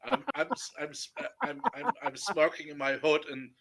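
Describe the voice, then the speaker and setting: A man's voice: on the high side, sing-song, normal speed, gravelly, a bit bright, slight background noise, low-quality recording. A man playing in a tabletop game, speaking in a dry, offhand way. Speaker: player. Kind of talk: casual chat.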